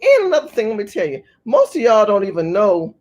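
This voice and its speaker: An animated woman hosts a livestream, reading the chat aloud and pressing viewers with rhetorical questions. Her pitch rises and falls in lively swings. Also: fairly quick. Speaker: livestream host. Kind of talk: live-stream talk reading the chat.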